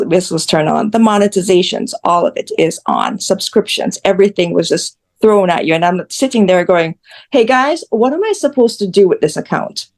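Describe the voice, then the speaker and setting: A woman's voice: medium pitch, a little mellow. A woman from Jamaica, a guest telling her story in a blunt, candid way. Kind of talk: casual interview chat.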